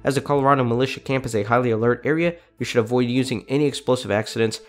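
A man's voice: mid-range voice, very fast, faint music behind. A congested man with a cold, hosting a gaming video and chatting casually while reading game text aloud. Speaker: gaming channel host.

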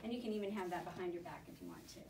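A woman dog trainer gives quick, upbeat instructions during a hands-on session. Her voice sounds a little distant and echoes around the room. A faint hiss sits underneath. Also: lowish voice, animated. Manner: brisk, encouraging instruction. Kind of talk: hands-on coaching.

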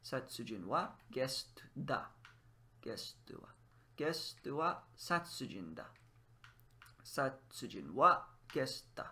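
Lively, bright-voiced man teaching while gaming. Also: medium pitch, slow pace. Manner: switches between Japanese phrases and English explanations, musing aloud. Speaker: language teacher playing a game. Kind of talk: casual gameplay commentary teaching Japanese.

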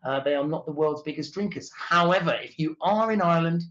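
A man's voice: on the high side, brisk, fairly bright tone. An English man, a tour leader, giving a chatty, explanatory talk about travel in a webinar. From England. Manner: chatty and explanatory, with filler uhs. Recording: dull lo-fi sound.

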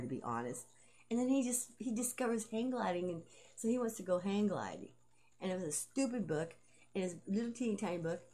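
A woman's voice: on the low side, darkish tone. A middle-aged woman vlogging in a rambling, casual monologue, swearing freely and laughing often. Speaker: vlogger and aspiring author.

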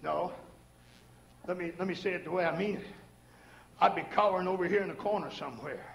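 An older man preaching a chanted church sermon, rhythmic and punctuated with "uh", rising to shouts. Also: sits high, brisk, gravelly. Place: church sanctuary. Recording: echoey church recording.

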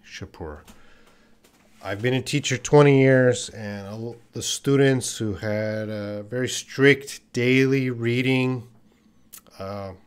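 A man in his forties, an English teacher giving a live-streamed lesson. He repeats phrases slowly for pronunciation practice and talks in a relaxed way, thinking aloud while he answers chat comments. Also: on the low side, smooth.

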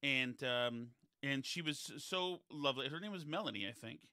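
A man with a bright, forceful voice tells loose, wandering stories in a relaxed podcast chat. He is recorded close and dry, with no room sound. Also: mid-range voice, normal speed, no room sound. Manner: digressive, chatty anecdote-telling.

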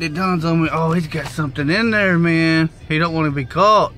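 A man telling a rideshare story in a casual vlog, animated and swearing freely as he acts out the quotes. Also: a little high, moderate pace, faint music behind. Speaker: rideshare driver vlogger.

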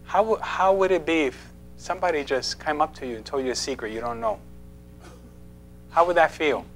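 A man's voice: on the high side, a little fast, faint music behind. A man giving a conversational sermon in a church, playful, asking the congregation questions and laughing often. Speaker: preacher. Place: church sanctuary.

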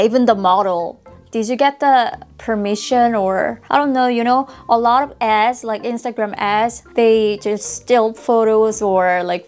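A young Korean woman with a Korean accent, reacting in a casual vlog with exclamations, laughs and mocking commentary. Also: mid-range voice. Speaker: YouTuber.

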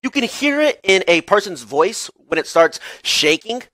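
A man streaming games, loud and mocking as he tells stories. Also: high voice, moderate pace, no echo. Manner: loud, mocking, animated storyteller. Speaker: game streamer. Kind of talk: casual livestream chat.

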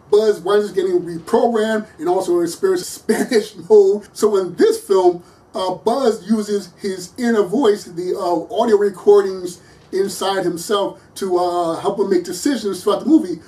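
A movie reviewer talking through a film in a casual, earnest way, often laughing mid-sentence and pausing on fillers while thinking aloud. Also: medium pitch, darkish tone, distant mic, low-quality recording. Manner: chatty and earnest, laughs often between words.

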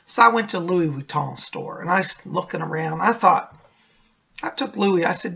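A man's voice: high-pitched, animated, normal speed, gravelly, sharp tone, slightly rough. A man hosting his psychic channel, telling a story in a chatty, theatrical vlog manner, in a dull lo-fi recording.

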